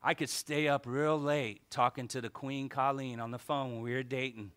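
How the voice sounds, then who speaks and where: A male pastor preaching a lively sermon, joking with the congregation and reading scripture aloud. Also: medium pitch, moderate pace, clean tone. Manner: animated preaching with asides and jokes to the congregation.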